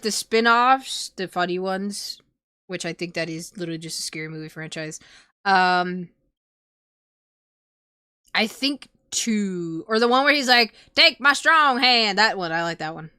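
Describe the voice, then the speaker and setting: A woman's voice: mid-range voice, bright, forceful tone, clean tone, no room sound, clean studio sound. A young woman streaming, chatting casually with viewers, laughing often and swearing freely. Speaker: VTuber streamer. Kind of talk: casual chat reading viewer messages.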